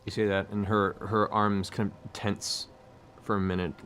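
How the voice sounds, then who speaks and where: Low-voiced man narrating a game. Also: flat delivery, a bit bright, a little hiss or hum. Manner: descriptive, hesitant fillers, measured. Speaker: game master.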